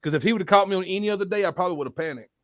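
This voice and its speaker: A man's voice: high-pitched, rapid-fire, a bit bright, dry recording. A young adult man telling a story in casual, profane podcast chat. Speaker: podcast host.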